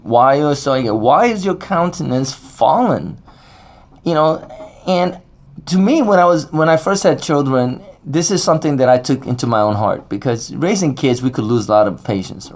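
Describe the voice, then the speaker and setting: A man's voice: medium pitch, animated, normal speed. A middle-aged man giving a casual, rambling talk on scripture at a faith gathering, with many fillers and restarts.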